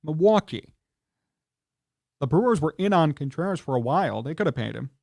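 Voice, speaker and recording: A man with a fairly high voice hosts a live sports talk stream. He rants in a heated, indignant way and scolds the people he talks about. His voice runs above most men's. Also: big pitch swings, normal speed, gravelly, a little mellow. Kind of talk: livestream sports rant.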